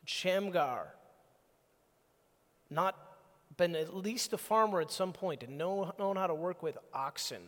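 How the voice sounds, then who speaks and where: A man preaching a sermon in a conversational, animated way, acting out little exchanges as he goes. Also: high-pitched, takes it slowly, long pauses. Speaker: pastor. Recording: long hall reverb.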